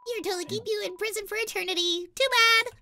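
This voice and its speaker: A man voicing a gloating young villain prince from a video game in a mocking, high put-on voice. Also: steady tone, fast talker, gravelly, pushed and bright, slight background noise, heavily acted. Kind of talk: reading game dialogue aloud.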